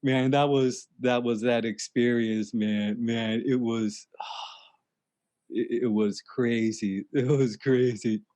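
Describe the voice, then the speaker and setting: A man's voice: medium pitch, steady tone, warm tone. A man telling a comedic story in a spaced-out, rambling way, drawing out "man" and restarting his sentences. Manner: dreamy and rambling, drawn-out "man" and trailing restarts.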